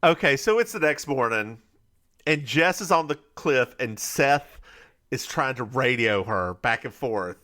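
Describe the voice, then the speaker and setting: A man co-hosting a casual podcast from North Carolina, recapping a TV episode in an animated storytelling manner. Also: medium pitch. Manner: animated storytelling with quick put-on character voices. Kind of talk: casual chat.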